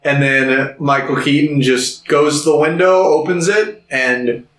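A man's voice: fairly high pitch, fairly even intonation, a little slow, fairly bright tone, echoey room, low-quality recording. A young man co-hosting a podcast, casually recapping a film scene by scene and acting out the characters' lines. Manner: retells scenes, acting out quotes. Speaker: podcast co-host.

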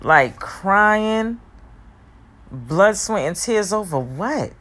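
Woman preaching forgiveness to her viewers, heartfelt and repetitive, gets fast then slows down. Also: mid-range voice, animated, fairly bright tone. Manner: speeds up and slows down, talks fast at times. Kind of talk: personal motivational talk.

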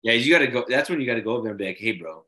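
Bright-toned young man, casual and profane. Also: medium pitch, very fast. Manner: swears often, says "bro" and "like" a lot. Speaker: bounce house business owner, podcast host. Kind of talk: casual chat.

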